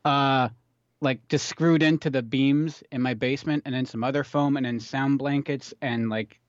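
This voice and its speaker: A man's voice: medium pitch, steady tone, normal speed, dry recording. Laid-back rambling man, dry dull sound. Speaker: podcast co-host. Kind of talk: casual chat. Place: makeshift recording booth in a basement.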